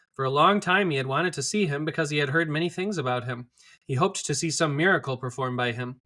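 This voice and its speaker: A man reading scripture aloud in a steady, clear manner. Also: mid-range voice. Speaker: scripture reader.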